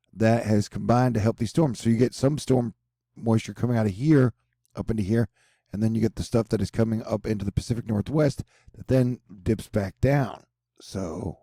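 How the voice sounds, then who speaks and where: A man with a mellow, warm voice gives a casual weather forecast over a map. He rambles, drops jokes and slang asides, and sounds offhand. The recording is dry and close. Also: medium pitch, no echo. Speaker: weather channel host.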